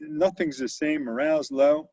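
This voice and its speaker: A man voicing an older male space agency boss who declares a mission with booming emphasis. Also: moderate pace, a little mellow, slightly rough, dry recording, muffled recording. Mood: worried.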